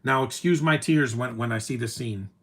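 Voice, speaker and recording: A man's voice: medium pitch, normal speed. A man live streaming his reactions to a movie, gushing and teary, rambling like an emotional fan. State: teary, choked up. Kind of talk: casual reaction commentary.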